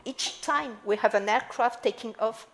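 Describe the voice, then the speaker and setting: High-voiced woman panelist. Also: normal speed, fairly bright tone. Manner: earnest, explanatory. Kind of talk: panel discussion.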